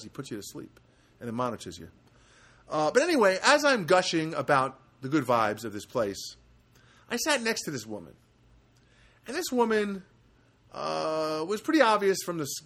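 A man's voice: on the high side, fairly bright tone. A middle-aged man telling a rambling personal anecdote in a casual monologue, wry and joking, with frequent restarts. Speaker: storyteller.

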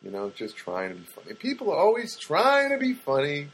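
A man's voice: fairly high pitch, wildly swooping pitch, fairly quick, fairly bright tone, husky. A middle-aged man hosting a podcast, talking in a rambling, wry, self-mocking comic monologue. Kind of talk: casual comedic monologue.

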